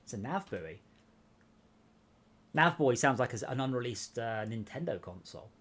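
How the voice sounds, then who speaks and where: A man's voice: mid-range voice, animated, normal speed, fairly bright tone, breathy edge. A man hosting a game stream, casually talking other players through each step. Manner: instructive, talks players through steps. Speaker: stream host guiding players. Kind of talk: casual gaming chat.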